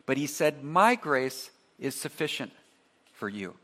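A man preaching a sermon, earnest and emphatic, who leads his congregation in call-and-response and drops to a soft voice on key phrases. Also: mid-range voice, sing-song, unhurried. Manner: earnest preaching, rising to emphatic repetition then dropping soft. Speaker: pastor.

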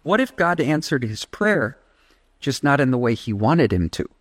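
A man's voice: mid-range voice, very animated, normal speed, no echo. A man preaching a sermon as pastor, emphatic, leading the congregation in call-and-response.

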